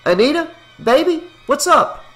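A man voicing a brash, stubborn young male musician who shouts when alarmed. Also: on the high side, takes it slowly.

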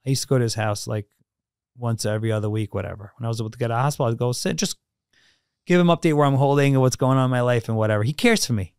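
A man's voice: mid-range voice, racing, a little mellow, clear, resonant tone, dry recording. Male podcast guest, emphatic storyteller, dry close sound. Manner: emphatic, repetitive, emotional. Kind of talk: personal storytelling.

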